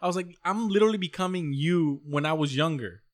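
A man's voice: a little high, a little fast. A young man chatting casually, swearing freely and acting out arguments with his mother. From born outside the US. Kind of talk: casual chat.

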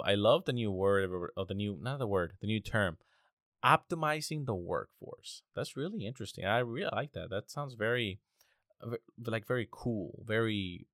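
A man's voice: on the low side, a bit bright, no room sound, clean studio sound. A young man hosting a casual, rambling monologue, exasperated and swearing often. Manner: exasperated, profane, rambling with restarts.

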